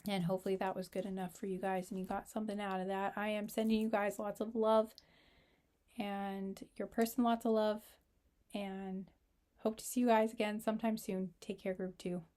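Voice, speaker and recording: A woman talking through a tarot reading with a mellow, darkish tone. She rambles and restarts, reaching for the right word, and her voice is wearing thin, so she keeps it low and close to the microphone. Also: little pitch movement, moderate pace. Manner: rambling, searching for words with many "like"s and restarts. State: losing her voice. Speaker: tarot reader. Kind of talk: casual tarot reading to camera.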